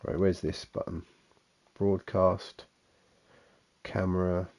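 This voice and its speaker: Low, mellow Suffolk man streaming. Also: little pitch movement, slow. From England. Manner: rambling, self-mocking, chuckles to himself. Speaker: game streamer. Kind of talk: casual gameplay chat.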